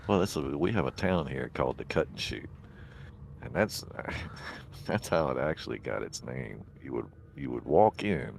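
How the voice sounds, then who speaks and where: A man, chatting crudely over voice chat and breaking into loud laughs and whoops. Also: a bass voice, lively intonation, normal speed, creaky, slight background noise. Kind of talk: casual chat.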